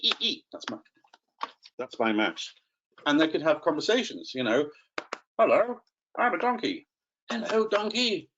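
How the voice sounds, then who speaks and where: A man's voice: medium pitch, a bit bright, slight background noise. Playful chatty guy running a teacher webinar, kinda dull lo-fi computer mic. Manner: playful, chatty, addresses participants by name. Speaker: teacher trainer. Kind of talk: live online teaching webinar.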